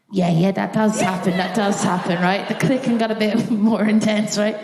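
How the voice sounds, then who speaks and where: Irish female comic, live on stage, lively storyteller, roomy hall sound. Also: mid-range voice, measured pace, a crowd in the background. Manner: animated storytelling with acted-out voices. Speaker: stand-up comedian. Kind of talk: live stand-up set. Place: theatre stage before a live audience.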